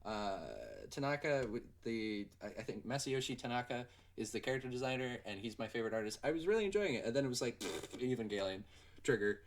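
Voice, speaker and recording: A young man hosting a casual livestream Q&A, rambling and excitable with lots of fillers. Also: mid-range voice, fast, hardly any pauses. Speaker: livestream host and animator.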